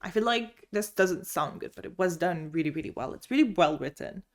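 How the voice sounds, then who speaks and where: A woman's voice: on the low side, expressive, fairly quick. Chatty young woman gushing about books. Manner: chatty, gushing, restarts sentences often. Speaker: book vlogger. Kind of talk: casual book review chat. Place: home room lit by sun.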